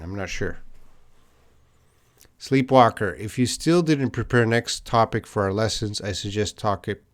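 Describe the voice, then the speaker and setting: A middle-aged Canadian man with a lowish, fairly bright voice is teaching English on a live stream. He answers questions from viewers in the chat, patiently thinking out loud with plenty of ums and hmms.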